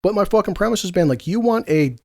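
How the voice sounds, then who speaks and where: Podcast host, man, 40s, quick profane storyteller, slightly high voice. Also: expressive, gravelly, a little mellow, no echo, studio quality. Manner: profane, rambling, laughs through his stories. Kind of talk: casual chat.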